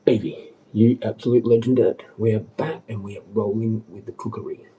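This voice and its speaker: A man rambles on a casual livestream, restless and swearing, sometimes muttering low and sometimes rising sharply. His voice is dark and mellow, a bit low, and it sounds distant from the microphone. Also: fairly quick. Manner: rambling, agitated, swearing often, mutters low then jumps high. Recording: distant from the mic.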